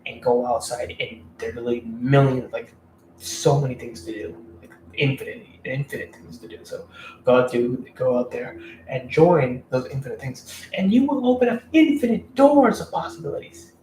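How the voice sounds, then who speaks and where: A man's voice: mid-range voice, a little mellow. A man giving blunt dating advice in a casual, rambling, profane rant to camera. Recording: roomy room, mic at a distance, faint background noise.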